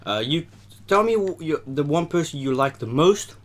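A man's voice: fairly high pitch, lively intonation, normal speed. Rambling young Dutch-accented man, joking. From Netherlands. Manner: rambling, joking, trails off quietly. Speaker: mukbang host. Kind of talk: casual chat while eating.

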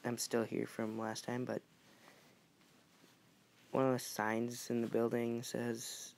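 A man giving a casual screen-recorded game tutorial, talking softly and often near a whisper, rambling with restarts. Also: mid-range voice, completely flat delivery, takes it slowly, gravelly, a little hiss or hum. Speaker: mobile game modding tutorial maker.

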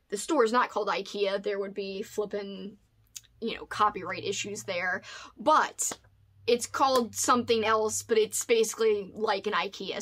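A woman's voice: fairly high pitch, a bit bright. A woman hosting a casual book vlog, chatty and rambling with lots of asides. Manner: chatty, rambling, says "flippin'" often. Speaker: host.

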